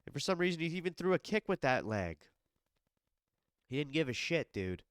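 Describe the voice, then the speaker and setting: A congested, unwell man runs a casual solo podcast from a basement studio at home, his slightly high, smooth voice captured dry with studio quality at normal speed. Cursing heavily and full of energy, he rants straight at a fighter who isn't there.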